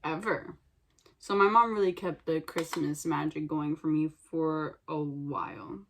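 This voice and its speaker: A young woman vlogger chatting casually while doing her makeup, telling a story animatedly with sudden loud bursts. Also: deep voice, steady tone, a little slow, a little hiss or hum. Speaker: beauty vlogger.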